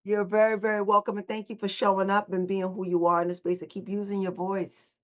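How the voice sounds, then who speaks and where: A woman's voice: mid-range voice, flat delivery, fairly quick, muffled recording. A woman hosting a motivational morning call, coaching listeners and having them repeat affirmations back to her. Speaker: host and voice coach.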